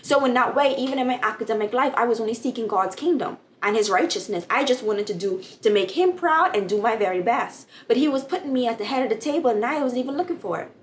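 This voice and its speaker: A young woman vlogging at home, animated as she tells a personal faith story and acts out the dialogue. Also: fairly high pitch, fast talker, few pauses, slight background noise. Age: young adult. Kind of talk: casual testimony vlog.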